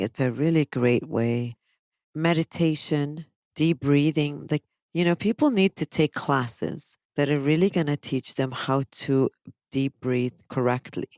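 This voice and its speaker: On a casual podcast, a woman psychologist hosting the show explains things at length in a low-pitched voice, livening up whenever she quotes people. The recording is dry.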